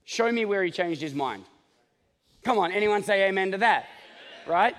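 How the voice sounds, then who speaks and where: A man preaching a sermon as pastor, joking and animated, often checking in with the congregation with "okay?". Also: high-pitched, normal speed, big-room sound. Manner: joking, animated, talks straight to the congregation with many "okay?" asides.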